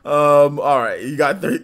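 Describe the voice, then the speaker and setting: Brief: a young man hosting a live Q&A, rambling and animated, slightly higher voice. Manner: rambling, restarts, talks to chat. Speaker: live-stream host. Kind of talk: casual live-stream Q&A chat.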